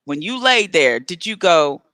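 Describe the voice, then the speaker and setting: A woman hosting a sports talk interview, asking eager and expressive questions. Her voice is bright and forward, with a dry, close sound. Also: fairly low pitch, measured pace, no room sound. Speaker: host.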